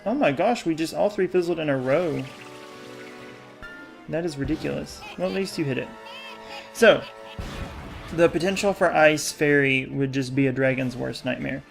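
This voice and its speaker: A man's voice: a little high, moderate pace, creaky, long pauses, soft background music. A young man hosting a gaming channel, rambling in casual commentary over gameplay and often losing his train of thought.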